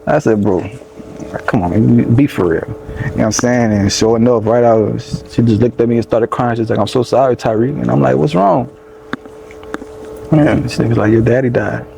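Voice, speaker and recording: Speaking with a Louisiana accent, the young rapper rambles loosely through a personal story in a casual interview, repeatedly saying "you know what I'm saying." He talks fairly fast in a gravelly, medium-pitched voice with a steady tone, and faint noise sits behind him.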